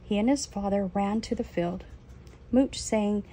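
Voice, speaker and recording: Woman reading a kids book out loud, soft mellow voice, bit of background hiss. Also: mid-range voice, measured pace, poor audio. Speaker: reader. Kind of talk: reading a children's picture book aloud.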